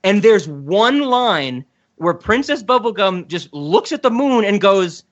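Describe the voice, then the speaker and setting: A man's voice: high voice, lively intonation, a little slow. A man hosting a casual podcast, enthusiastically retelling a cartoon scene in a rambling way. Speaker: podcast host. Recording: dull lo-fi sound.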